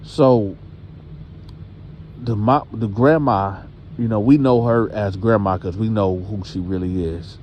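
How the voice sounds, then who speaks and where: A man's voice: on the low side, slow, darkish tone, a little hiss or hum. A man telling a story in a casual, conversational way, speaking directly to his listeners.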